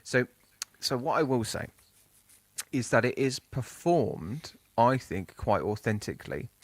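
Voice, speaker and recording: A man's voice: on the low side, dry recording. A man co-hosting a casual podcast review, asking questions and sharing trivia with listeners. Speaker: podcast co-host.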